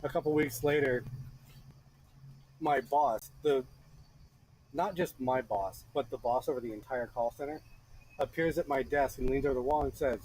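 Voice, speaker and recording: A man in his thirties telling a lively story to a friend in a workshop, acting out the voices of the people in it. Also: mid-range voice, normal speed, pauses often, slight background noise, low-quality recording. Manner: animated, acts out voices in his stories. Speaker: blacksmith teaching a friend. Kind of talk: casual storytelling. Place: forge workshop.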